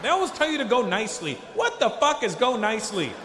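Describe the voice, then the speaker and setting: A man in his forties doing stand-up comedy, animated and profane, acting out quotes. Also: very high-pitched, fast talker. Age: 40s. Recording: reverberant hall with faint noise.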